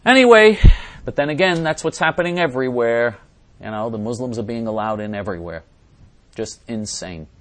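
A man's voice: medium pitch, brisk, a bit bright. A man hosting a talk show, answering viewer comments in a blunt, indignant monologue with frequent restarts. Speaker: host answering viewer questions.

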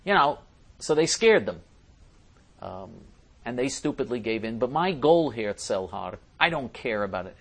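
A man's voice: medium pitch, sing-song, normal speed, gravelly. A man hosting a talk show, reading listener messages aloud and answering them in an emphatic way, often repeating and restarting his phrases. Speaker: host.

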